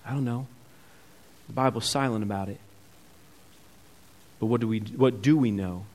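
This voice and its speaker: A man preaching a sermon who asks the congregation questions, swings between loud emphatic peaks and quiet asides, and acts out the characters' words as he reads. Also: lowish voice, normal speed. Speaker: pastor.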